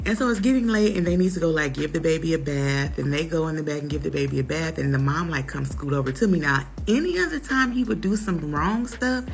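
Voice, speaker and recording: Animated woman telling a story. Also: sits low, fast talker, gravelly, few pauses. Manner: animated, acts out quotes in others' voices. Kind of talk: casual storytime.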